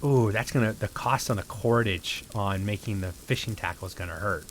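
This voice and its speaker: A man streaming a survival game live, thinking aloud in a relaxed, rambling way as he plays. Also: fairly low pitch, normal speed, a little hiss or hum. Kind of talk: casual live-stream gameplay commentary.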